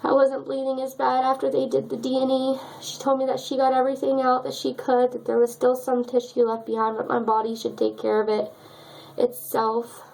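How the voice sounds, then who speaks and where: A woman's voice: sits high, completely flat delivery, a little fast, creaky, a little mellow, low-quality recording. A young woman telling a personal story in a vlog, emotional and choked up as she talks. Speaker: vlogger.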